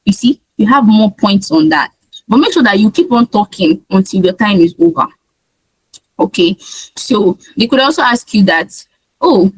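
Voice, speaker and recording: A Nigerian woman with a Nigerian accent teaches an IELTS speaking-test lesson, coaching emphatically and acting out sample answers. Her medium-pitched voice has a breathy edge, and the recording is dry and low in quality.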